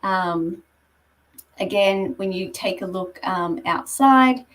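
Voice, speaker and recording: Here a woman from Australia, a guest speaker on property marketing, explains her slides conversationally and often says um. Her mid-range voice is slow and a little bright, captured from far away in a rough recording.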